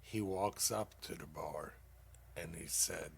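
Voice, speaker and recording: A man hosting a comedy show, telling stand-up dad jokes in a halting, casual, profane way, with lots of fillers and loud laughs at his own punchlines. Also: low-pitched, creaky, a little hiss or hum.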